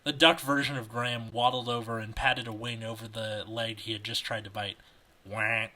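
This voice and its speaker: A man's voice: mid-range voice, little pitch movement, brisk, pushed and bright. A man hosting a podcast over a video call, reading fanfiction aloud and chatting in a joking, rambling way. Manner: joking, rambling, laughs often. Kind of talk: reading aloud and casual chat.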